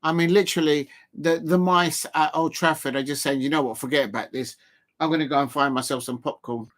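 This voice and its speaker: A man's voice: a little high, steady tone, brisk. A man streaming a live football reaction, chatty and laughing, calling out his viewers. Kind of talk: live match reaction commentary.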